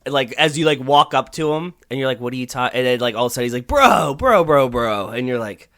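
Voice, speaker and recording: Bright-voiced man rambling in casual chat. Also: mid-range voice, flat delivery, fast. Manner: rambling, many fillers, swears casually. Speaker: podcast co-host.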